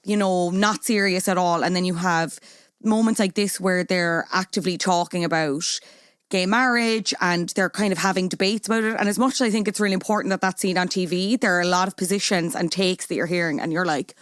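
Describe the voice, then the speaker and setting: A woman guesting on a podcast in casual chat, quick to react and expressive. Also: on the low side, clean tone, no echo, studio quality.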